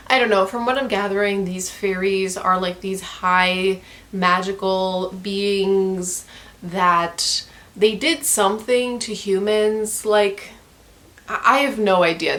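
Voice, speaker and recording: A woman's voice: mid-range voice, a bit bright. A young woman vlogging from home in a rambling, sarcastic way, full of fillers, as she reviews a book. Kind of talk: casual book review rant. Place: at home with her dog.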